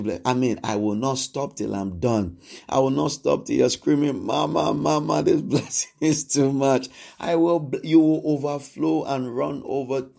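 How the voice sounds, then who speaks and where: A male preacher delivering a sermon with a gravelly, rough-edged voice at an ordinary middle pitch. He drives points home by repeating phrases and questioning his congregation. He swings between loud declarations and hushed lines. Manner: acts out quoted speech with sudden swings in loudness.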